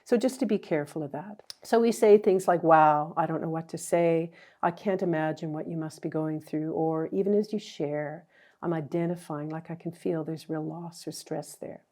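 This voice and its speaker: A woman's voice: mid-range voice, mellow. A middle-aged woman teaching a counselling training session in a conversational way, acting out sample phrases as she goes.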